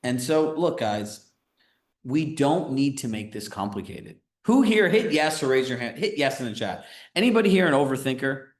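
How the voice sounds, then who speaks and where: A man coaching a group live on a video call, talking in a casual, energetic way and often checking in with "right?". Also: medium pitch, moderate pace, reverberant. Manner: energetic, conversational, filler-heavy with frequent "right?". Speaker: real estate business coach.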